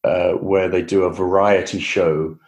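Man, Received Pronunciation English accent, lowish voice, chatty, self-deprecating, interview guest. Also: little pitch movement, unhurried, gravelly, darkish tone. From England. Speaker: author guest. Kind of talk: casual interview chat.

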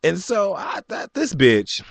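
A man in his forties telling a story in an animated rant, laughing often and jumping up high when he quotes people. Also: slow, creaky, no echo. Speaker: vlogger.

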